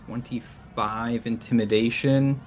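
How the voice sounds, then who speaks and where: A man playing a tabletop game, describing his moves in halting, restarting speech. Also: medium pitch, steady tone, a little hiss or hum. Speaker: player. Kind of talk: casual tabletop game talk.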